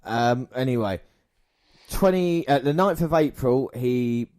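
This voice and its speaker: A man's voice: medium pitch, animated, slow, a little mellow. A man hosting a podcast in casual chat, crude and sarcastic, swearing freely and often mimicking the people he talks about. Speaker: podcast host. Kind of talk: casual chat reviewing wrestling content.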